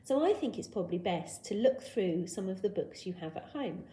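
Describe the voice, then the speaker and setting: Speaking at normal speed in a mid-range voice, a primary school teacher leads a recorded lesson for little children. She's encouraging and patient, and she illustrates each word expressively by acting out shouts, whispers and gasps.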